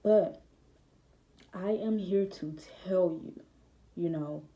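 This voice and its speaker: Low, flat, very dark-voiced young woman. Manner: hesitant, reflective, many fillers. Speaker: vlogger. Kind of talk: personal testimony to camera.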